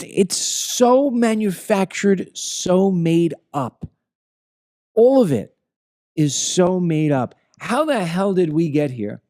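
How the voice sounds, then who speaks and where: A man in his fifties with a Long Island accent hosts a commentary show, delivering an opinion monologue as an emphatic rant that keeps circling back to the same phrases. His high-pitched voice is a little mellow, recorded at studio quality with no echo.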